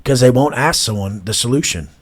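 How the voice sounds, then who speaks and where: A man in his thirties appears as an interview guest, speaking bluntly and profanely at a fairly quick pace in a medium pitch. He mocks people and breaks into loud imitations.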